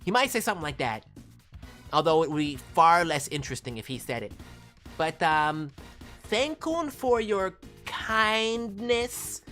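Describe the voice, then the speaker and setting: A playful woman streamer with a lowish voice that swoops up and down constantly. She chats casually and teases her viewers, with faint music playing behind her. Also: sing-song, measured pace, fairly bright tone. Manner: playful, bouncy, teasing. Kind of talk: casual live-stream chat.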